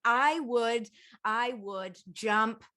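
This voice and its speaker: A Canadian woman guesting on a video call, chatting and joking in an animated, self-mocking way with frequent laughter. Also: fairly high pitch, very slow. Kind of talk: casual comedic chat on a video call.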